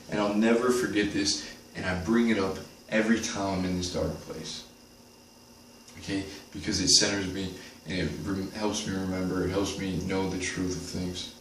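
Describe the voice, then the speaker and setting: A man's voice: sits low, steady tone, normal speed, distant mic. Motivational host: earnest man, direct and repetitive, roomy sound with faint background noise. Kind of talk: motivational monologue.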